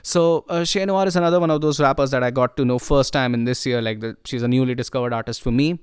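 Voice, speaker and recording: Smooth-voiced man chatting about music. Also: medium pitch, quick pace, no room sound, clean studio sound. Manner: enthusiastic, loose, frequent "you know" and "like" fillers. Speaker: music reviewer. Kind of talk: casual spoken album review.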